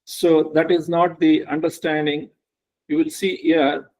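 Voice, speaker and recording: A man teaching a spiritual class online, telling stories in a halting way with many fillers and restarts. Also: fairly high pitch, little pitch movement, darkish tone, poor audio. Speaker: Vedanta teacher. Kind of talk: online spiritual lecture with storytelling.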